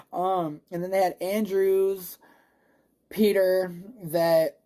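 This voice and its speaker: Rambling, excitable movie reviewer. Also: mid-range voice, drawn-out words. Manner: rambling, gushing, swears a lot; excitable, emotional, restarts often. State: a little stoned. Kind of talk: casual spoiler review vlog.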